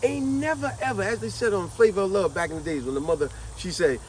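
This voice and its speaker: A woman's voice: medium pitch, fast, hardly any pauses, darkish tone, slight background noise, rough recording. A middle-aged woman giving casual commentary to her vlog audience, emphatic and repetitive, stretching out words to drive her points home. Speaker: vlogger.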